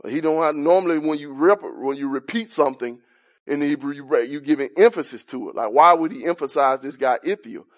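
Man preaching, sermon teaching, somewhat high voice, questioning, building intensity. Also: a little fast. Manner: explaining and questioning, rising intensity on key points.

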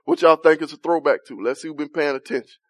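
A man leads a Bible study in a loose, conversational style, often putting questions to the group and laughing along. His voice sits fairly high. The sound is close and dry. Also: fast, no echo. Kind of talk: interactive Bible study teaching.

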